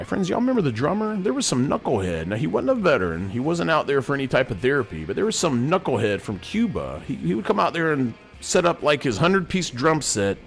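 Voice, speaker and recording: A middle-aged man with a gravelly, mid-range voice rambles through a folksy monologue from his home studio. He plays a sergeant major persona and keeps addressing his audience as "friends."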